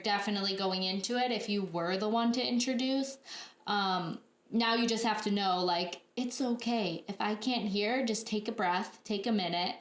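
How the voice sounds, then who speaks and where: A young woman co-hosting a podcast, chatting casually and giving supportive advice. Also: medium pitch. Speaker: podcast co-host. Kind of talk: casual chat. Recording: echoey room.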